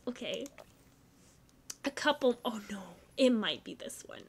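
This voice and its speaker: A young woman hosting a casual game video, chatty and gushing with soft asides. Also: mid-range voice, huge pitch swings, normal speed, husky. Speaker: gaming channel host.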